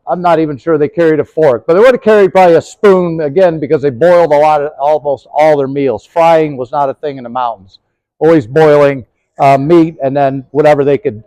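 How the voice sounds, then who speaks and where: A slightly high, darkish male voice comes through a dry, low-quality recording. He's a middle-aged historical horse trekking presenter giving a rambling, folksy outdoor demonstration of his gear alongside his horse, peppered with fillers.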